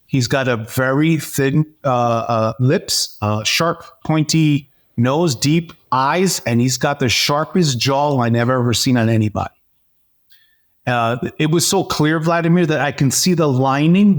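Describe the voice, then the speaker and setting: A man as an interview guest, telling a personal story in a lively, animated way, with frequent fillers and restarts. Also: medium pitch, measured pace. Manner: animated storyteller, acts out dialogue. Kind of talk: personal testimony in conversation.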